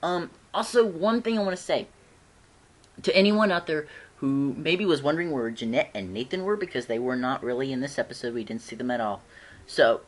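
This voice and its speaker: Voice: mid-range voice, a little fast. Giggly rambling fan reviewer. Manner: rambling, giggly, many restarts. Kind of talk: casual video review.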